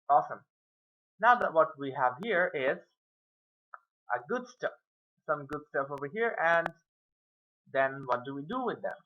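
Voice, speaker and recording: Casual male math tutor, slow and rambling, self-deprecating mutters, dull lo-fi recording. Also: a little high. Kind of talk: casual whiteboard math lesson.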